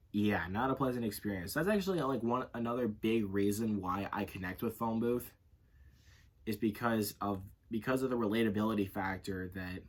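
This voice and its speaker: A man giving a casual, unscripted movie review, rambling and correcting himself as he goes. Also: fairly low pitch. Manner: rambling, self-correcting, leans on filler phrases.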